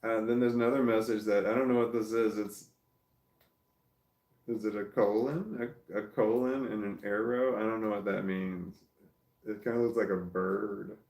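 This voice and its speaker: A man with a Southern American accent, talking casually as he reads viewer comments aloud. His voice sits fairly low, and his talk rambles and stops and starts between small chuckles. The room around him sounds echoey. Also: steady tone, moderate pace, creaky, a little mellow. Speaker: vlogger reading live comments. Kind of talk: casual livestream chat.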